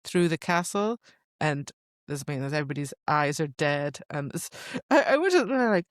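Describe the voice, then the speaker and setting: A woman's voice: deep voice, sing-song, moderate pace, dry recording, studio quality. A woman co-hosting a book podcast, recapping the plot in casual chat and laughing often. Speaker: podcast co-host.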